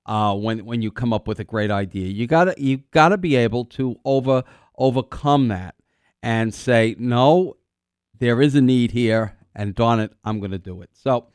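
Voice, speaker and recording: A man's voice: medium pitch, normal speed, clear, resonant tone, no room sound, clean studio sound. A middle-aged man hosting a call-in radio show, talking in a rambling, chatty way with lots of fillers and restarts, and now and then a cough. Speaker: radio host. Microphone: studio microphone.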